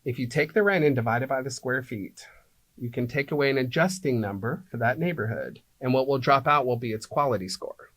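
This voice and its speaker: A man's voice: mid-range voice, brisk, fairly bright tone, dry recording. A man being interviewed as an apartment locator, explaining things like a teacher and checking in with "right?" and "okay?" as he goes.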